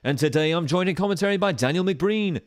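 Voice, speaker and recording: A man doing an impression of a male football commentator, putting on an English accent and a slow announcer delivery. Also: high-pitched, no echo, clean studio sound, voice pushed up, natural voice. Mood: announcing. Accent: English, put on.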